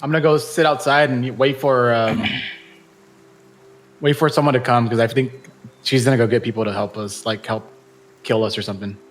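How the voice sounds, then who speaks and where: A young man playing a tabletop game, casual and hesitant with fillers and throat clearing. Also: medium pitch, fairly even intonation, normal speed, pauses often, poor audio. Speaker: player.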